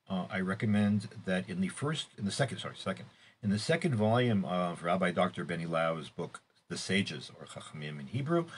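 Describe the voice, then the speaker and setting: A middle-aged man living in Israel, teaching a weekly Torah class in an unscripted, halting way, with many restarts and fillers and sudden emphatic rises. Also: low-pitched, a little hiss or hum.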